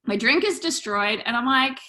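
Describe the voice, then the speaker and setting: Bright, animated woman telling a story. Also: a little high, normal speed. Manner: animated, lots of fillers and laughter. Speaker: podcast guest. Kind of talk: casual storytelling.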